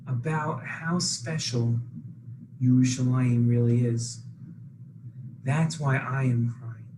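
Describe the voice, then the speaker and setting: A man voicing a young male soldier who quietly confesses why he is crying, in a told story. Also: mid-range voice, voice pushed down, natural voice. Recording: noisy background hiss.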